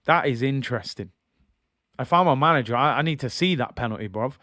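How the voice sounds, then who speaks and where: A man's voice: medium pitch, animated, brisk, pushed and bright, no room sound, studio quality. A man hosting a football channel, giving casual fan commentary in a chatty, incredulous way and often apologizing.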